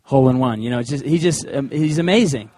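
A man preaching a sermon in a conversational, animated way, weaving in personal stories. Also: mid-range voice, quick pace, dry recording. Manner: conversational and animated, with acted-out quotes. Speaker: pastor.

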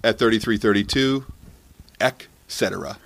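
A man's voice: fairly low pitch, normal speed, fairly bright tone. A man hosting a comedic podcast, talking in a sarcastic, mocking way. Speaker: podcast host.

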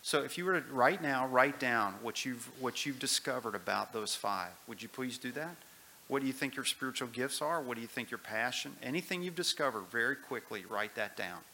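A man leading a church class, first reading a story aloud, then giving earnest, calm instructions. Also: medium pitch, brisk, slight background noise, low-quality recording.

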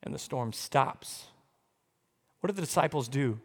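A man's voice: mid-range voice, lively intonation, unhurried. Man preaching in an echoing hall. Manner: conversational preaching, swings from hushed to loud. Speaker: pastor. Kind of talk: sermon. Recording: long hall reverb.

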